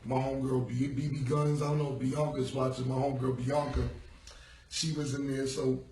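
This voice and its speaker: A man with a medium-pitched, darkish voice speaks at a moderate pace in a flat delivery, with slight background noise. He's a rapper on a live stream, casually recounting a long story from his past in loose, profane street slang and acting out what people said. The phone audio is captured from a distance in a room and sounds echoey.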